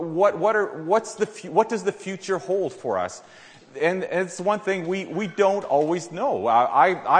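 Man preaching in a reverberant hall. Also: a little high. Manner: halting, repeats words while reading scripture. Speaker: pastor. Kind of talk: sermon.

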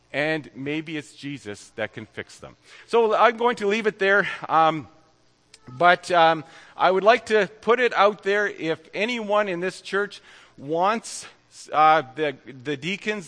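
A man preaching with a noticeably nasal voice, pitched a little above the usual and strikingly bright and forceful in tone. He talks earnestly and conversationally, then leads a prayer. His words ring with the long reverb of a church hall. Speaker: pastor. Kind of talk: sermon. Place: church sanctuary.

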